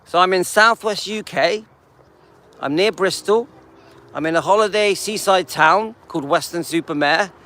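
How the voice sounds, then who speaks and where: Chatty older man, high and bright. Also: normal speed. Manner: chatty, greets viewers by name, restarts sentences. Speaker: live-stream host. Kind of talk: casual live-stream chat. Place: outdoors walking through a seaside town.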